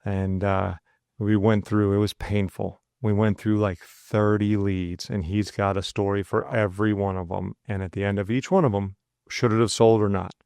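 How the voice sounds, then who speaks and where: Gravelly, low-voiced man telling a story. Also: level tone, moderate pace, darkish tone, dry recording, studio quality. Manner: anecdotal, acts out dialogue in his own voice; loose and conversational, with frequent asides. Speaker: podcast co-host. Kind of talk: casual storytelling chat.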